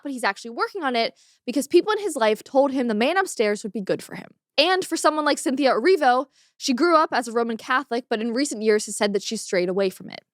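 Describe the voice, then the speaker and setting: A woman's voice: fairly high pitch, fairly bright tone, dry recording, studio quality. A woman hosting a commentary show, speaking in an earnest, opinionated way about faith. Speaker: host.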